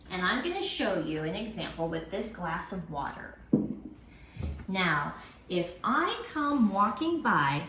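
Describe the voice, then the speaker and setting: A woman teaching a Sunday school lesson to children at home, in a lively, encouraging way. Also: mid-range voice, background noise. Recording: roomy room sound with faint ambience.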